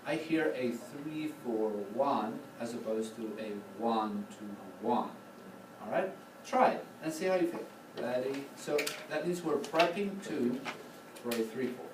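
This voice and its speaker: A man with a mid-range voice, speaking a little slowly, gives classroom instruction in choral conducting, patiently explaining and demonstrating through short sung phrases. The setting is a rehearsal room with a choir, recorded in echoey, distant, noisy conditions.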